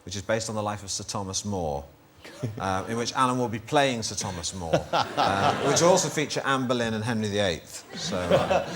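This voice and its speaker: A man's voice: lowish voice, lively intonation, normal speed, hardly any pauses, noisy background. A man with a Northern English accent, a comedian guest on a TV chat show, talking with dry humour and stammering restarts. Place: TV studio with live audience.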